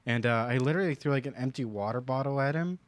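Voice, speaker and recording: A man's voice: medium pitch, fast talker, dry recording. A young man co-hosting a podcast, telling a childhood story in a rambling way with many likes and uhs. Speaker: podcast co-host. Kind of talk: casual chat, storytelling.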